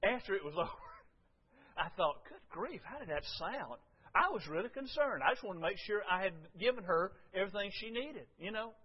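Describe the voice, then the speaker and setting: A man's voice: sits high, expressive, brisk, husky. Folksy preacher man, muffled recording. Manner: folksy storytelling preacher, shifting from loud to hushed. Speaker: pastor. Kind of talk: sermon.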